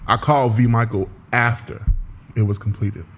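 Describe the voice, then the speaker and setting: A man, a singer-songwriter guest, telling stories in an animated, casual way during an interview. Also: medium pitch, moderate pace, slight background noise. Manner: animated storyteller, laughs easily.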